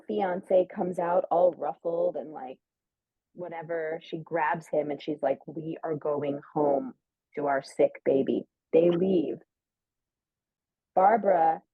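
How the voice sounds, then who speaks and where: A woman's voice: fairly low pitch, breathy edge, no echo. A woman telling a personal story in casual chat, full of "like" and acting out quoted lines. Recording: narrow phone-like sound, dry.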